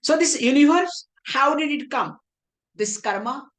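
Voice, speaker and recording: A woman's voice: high-pitched, lively intonation, measured pace. A woman teaching scripture, often asking rhetorical questions and answering them herself, with playful teasing asides. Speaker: spiritual teacher. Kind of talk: scripture lecture in English.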